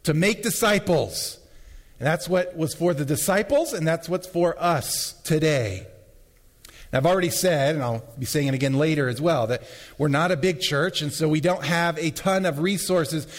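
A man's voice: on the high side, normal speed. A man preaching a sermon as pastor, losing his voice, speaking emphatically and repeating key phrases. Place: church sanctuary. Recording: long hall reverb.

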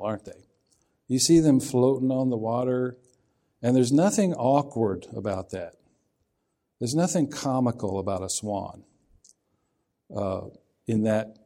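A man's voice: medium pitch, warm tone. A man preaching a sermon in a folksy, conversational way, often asking his listeners questions.

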